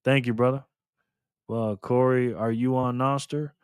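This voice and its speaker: A man hosting a casual livestream, calling out viewers and donations with upbeat shout-outs. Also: mid-range voice, steady tone, a little slow, clean tone, no echo, clean studio sound. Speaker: livestream host.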